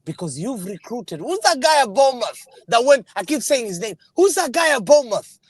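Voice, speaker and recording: A man's voice: extremely high pitch, very animated, a little fast, breathy edge, no room sound. A man arguing insistently in a heated fan debate over a video call, talking over the others. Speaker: guest panelist.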